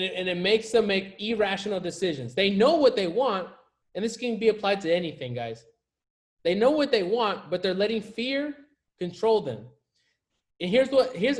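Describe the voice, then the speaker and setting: A man coaching viewers in a casual motivational talk to camera, emphatic and slangy, often repeating his key phrases for effect. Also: high voice. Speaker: life coach.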